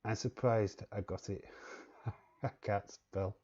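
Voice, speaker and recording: English male streamer, quiz host, unhurried and joking, low pitch. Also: fairly even intonation, a little mellow, highs cut off. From England. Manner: joking, chuckling, repeats words while reading chat. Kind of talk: casual live-stream chat.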